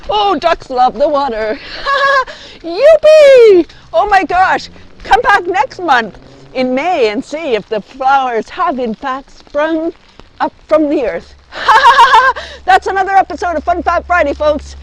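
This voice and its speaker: A woman's voice: high voice, lively intonation, a little slow, slight background noise. A woman hosting a silly laughter-yoga comedy vlog, bubbly and giggly, full of whoops and laughs. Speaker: host of a comedy laughter club show.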